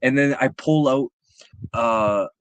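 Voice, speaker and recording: A man on a livestream, telling a rambling, profane story in a casual, animated way. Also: medium pitch, slow pace, clean tone, no room sound. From Canada. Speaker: livestream host. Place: home livestream setup.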